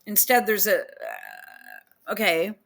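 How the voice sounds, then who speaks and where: A woman's voice: medium pitch, wildly swooping pitch, slow pace, vocal fry, a bit bright. A woman reading posts aloud and picking apart their grammar in an exasperated, incredulous casual rant. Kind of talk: casual ranting commentary.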